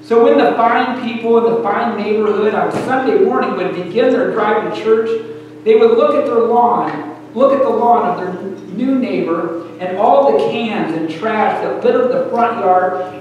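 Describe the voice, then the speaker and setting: Male preacher, storytelling sermon, higher voice, roomy hall sound with faint hum. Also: darkish tone, muffled recording. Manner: storytelling preacher, pausing often in short phrases. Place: church sanctuary. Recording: echoey hall, distant mic, faint hum.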